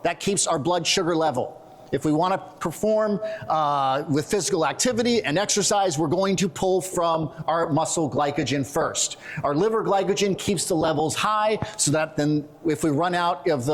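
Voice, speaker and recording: A man's voice: on the high side, moderate pace. A middle-aged man giving a blunt, joking conference lecture on training and nutrition. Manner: blunt, joking, self-deprecating. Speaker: strength and conditioning coach. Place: conference hall stage.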